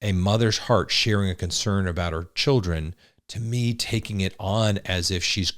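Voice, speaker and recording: A man's voice: low-pitched, moderate pace, a bit bright, no echo, clean studio sound. A man co-hosting a marriage podcast, explaining in an earnest casual way, often restarting his sentences. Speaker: podcast co-host, husband. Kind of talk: casual chat.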